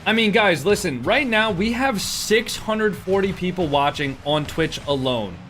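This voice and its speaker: A man's voice: high-pitched, animated, measured pace, fairly bright tone, a little hiss or hum. A tired young man streaming and commentating a match casually, calling plays loosely and swearing as he chats with viewers. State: tired, yawning.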